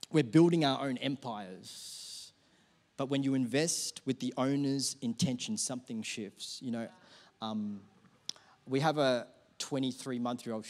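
Man, young adult, pastor, church sermon, fairly high voice, emphatic repetition. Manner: emphatic, repeats key phrases with rising force. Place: church auditorium.

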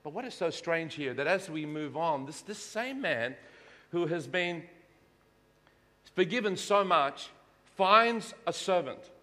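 A pastor preaching a sermon, swinging between hushed lows and shouted peaks. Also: male voice, expressive, a little slow, big-room sound.

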